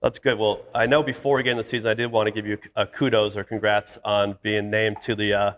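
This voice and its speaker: A man's voice: fairly low pitch, level tone, quick pace, fairly bright tone, muffled recording. A man, a sports reporter hosting a podcast, asking interview questions in a conversational way with hesitant fillers.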